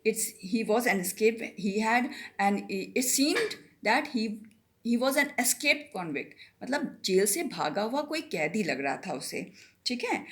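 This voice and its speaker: A middle-aged woman teacher, reading a story aloud and explaining it line by line, with some Hindi. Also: medium pitch. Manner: reads a line, then explains it slowly, switching into Hindi.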